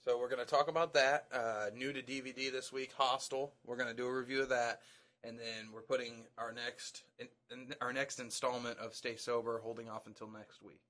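A man's voice: mid-range voice, level tone, a little fast, fairly bright tone. A man co-hosting a podcast in loose, joking casual chat, swearing freely. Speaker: podcast co-host.

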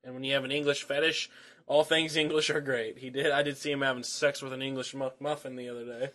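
A man's voice: medium pitch, flat delivery, fast talker, fairly bright tone. A man co-hosting a casual podcast, teasing his partner with crude jokes and frequent laughter. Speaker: podcast co-host. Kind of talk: casual chat.

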